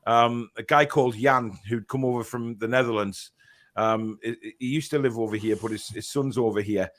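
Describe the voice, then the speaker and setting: A young man hosting a casual fan podcast, reading viewer comments aloud with lots of fillers and quick reactions. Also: mid-range voice, fairly even intonation, a bit bright.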